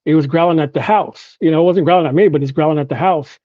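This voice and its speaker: Guest from Oklahoma telling a story. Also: male voice, on the high side, fast, no echo, dull audio. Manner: storytelling with frequent "you know" and restarts. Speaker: podcast guest.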